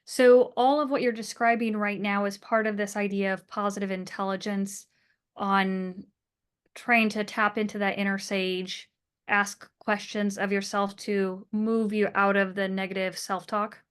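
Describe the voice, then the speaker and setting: A woman hosting a podcast in a flat, level tone at a medium pitch. She encourages her guest with brief affirmations and gentle follow-up questions. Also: unhurried, clear, resonant tone. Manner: encouraging, frequent backchannel. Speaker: podcast host. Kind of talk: conversational interview.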